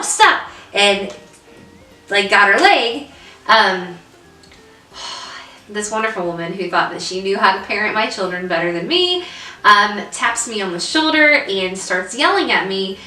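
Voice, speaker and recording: A woman's voice: medium pitch, bright, forceful tone, distant mic. A young adult woman co-hosting a casual vlog, telling an upsetting story with lots of fillers and restarts. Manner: emotional storytelling with many fillers. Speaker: vlog co-host. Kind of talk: casual chat. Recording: roomy echo, away from the mic.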